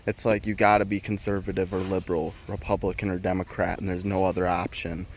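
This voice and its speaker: A man's voice: low-pitched, level tone, quick pace, a little hiss or hum. A man vlogging an opinion rant, heated and rambling, swearing constantly and restarting his sentences.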